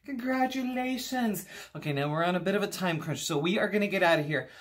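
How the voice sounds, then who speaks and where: A man's voice: high-pitched, quick pace. A man teaching a playful, theatrical music lesson to young children. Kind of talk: scripted kids' music lesson.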